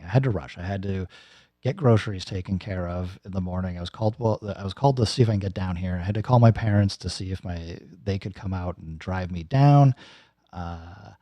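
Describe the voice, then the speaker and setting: Vlogger, man, low and mellow, chatty rambling update, dry close recording. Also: fairly quick, dry recording, highs cut off. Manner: rambling, many fillers and restarts. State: recovering from nose and throat surgery. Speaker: YouTuber giving a personal update. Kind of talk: casual storytelling vlog.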